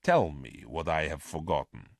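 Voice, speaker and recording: A man's voice: extremely low pitch, expressive, normal speed, dry recording, clean studio sound, pitched below the performer's own voice, exaggerated voice. A man voicing a ruthless male space criminal leader in a storybook reading, with a hard, scheming manner. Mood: harsh.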